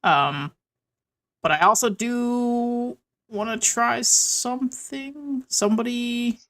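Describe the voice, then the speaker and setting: A woman's voice: a little high, takes it slowly, fairly bright tone. A woman running a tabletop game for her friends, easygoing and chatty. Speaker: game master.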